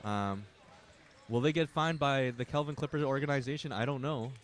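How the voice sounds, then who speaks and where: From a gym at a basketball tournament, a young Canadian man does relaxed play-by-play for a livestream, chatting and joking with viewers between plays. His pitch is medium and his speed normal.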